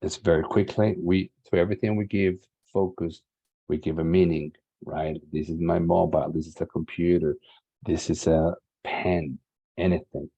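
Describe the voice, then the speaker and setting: Gravelly low-voiced man giving a motivational talk. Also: steady tone, normal speed, dark tone, no room sound, highs cut off. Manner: earnest, repeats phrases, leads the audience through exercises. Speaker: guest speaker on healing and masculinity. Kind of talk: motivational talk with guided exercise.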